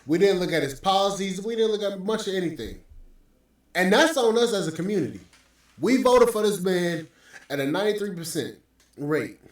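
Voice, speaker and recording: A man with a high-pitched, sing-song voice hosts a podcast, talking at normal speed. His rant is full of profanity and scorn, picked up from afar in a heavily echoing room.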